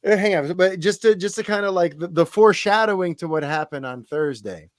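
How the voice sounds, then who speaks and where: A man's voice: high-pitched, brisk, no room sound, clean studio sound. A man hosting a podcast in casual chat, steering topics with wry asides. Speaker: podcast host.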